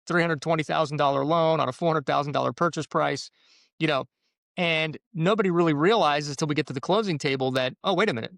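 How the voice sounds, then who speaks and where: A man's voice: on the high side, gravelly, a bit bright, no room sound, clean studio sound. A man in the mortgage business explaining home deals in casual podcast chat, rambling with restarts. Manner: rambling, restarts, acts out buyer and seller quotes. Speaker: mortgage professional.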